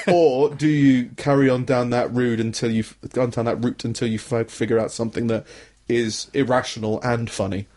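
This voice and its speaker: A young man rambles through a casual comedy podcast chat. He restarts his sentences, trails off and laughs at his own points, and his voice sits at an ordinary middle pitch. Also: steady tone, normal speed, darkish tone. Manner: rambling, self-interrupting, laughs often. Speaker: podcast co-host.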